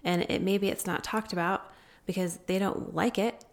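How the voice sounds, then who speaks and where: A woman guest telling a long story in an interview, earnest and pausing often with fillers. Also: medium pitch, fairly even intonation. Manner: earnest, many filler pauses. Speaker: guest, founder of an anti-trafficking group.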